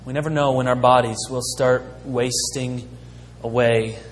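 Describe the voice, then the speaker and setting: A man preaching a sermon as a pastor, slow and emphatic, with dramatic pauses. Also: medium pitch, steady tone. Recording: long hall reverb.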